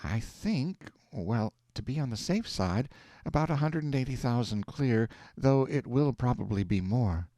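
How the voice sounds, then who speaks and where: A man reading aloud, voicing a prim, thrifty wife who speaks gently and reprovingly. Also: mid-range voice, animated, unhurried, no echo, pitched above the performer's own voice. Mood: calm.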